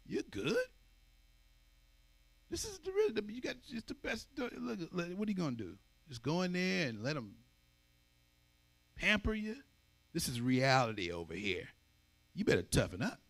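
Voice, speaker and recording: A man's voice: fairly high pitch, wildly swooping pitch, normal speed, pauses often, a bit bright, no room sound, exaggerated voice. A man preaching, voicing a dismissive woman who tells listeners they need no help and should toughen up. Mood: scoffing. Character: scoffing, tough-talking tempter woman.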